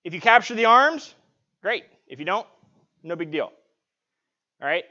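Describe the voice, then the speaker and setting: A man's voice: sits high, big pitch swings, a little slow, sharp tone. A man teaching a live-streamed self-defense class, talking casually and checking in with "right?" as he demonstrates. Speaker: martial arts instructor. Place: martial arts studio. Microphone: clip-on mic, sometimes knocked off. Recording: dull lo-fi livestream audio.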